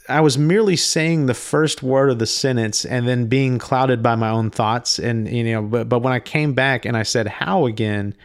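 A man telling of a spiritual experience in a slow, reflective monologue, often stopping and restarting his sentences. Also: medium pitch. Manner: halting, frequent restarts; slow, thoughtful delivery. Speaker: speaker recounting a spiritual experience.

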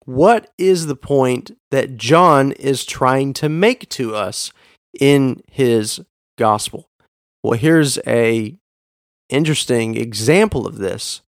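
In a scripted monologue about reading the Bible, a podcast host speaks slowly in a medium-pitched voice, pressing hard on important words as he teaches with earnest conviction. The studio-quality recording is dry.

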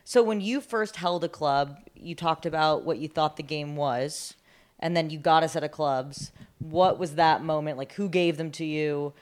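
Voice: medium pitch, moderate pace. Podcast host asking stuff, laid back and curious. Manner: asks long, curious questions. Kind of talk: casual podcast interview.

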